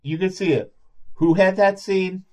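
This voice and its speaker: A man hosting a podcast, giving playful, excitable commentary while watching a film. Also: high voice, a little slow. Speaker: podcast host. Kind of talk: casual movie commentary.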